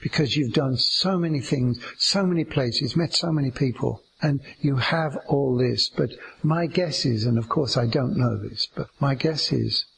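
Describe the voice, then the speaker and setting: A man speaks in an unhurried, meditative teaching style, stretching his words out gently. His voice has a gravelly edge and he talks very slowly. A faint outdoor ambience sits behind him. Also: medium pitch, a little hiss or hum, rough recording. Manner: slow, drawn-out, gentle. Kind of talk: slow meditative teaching talk.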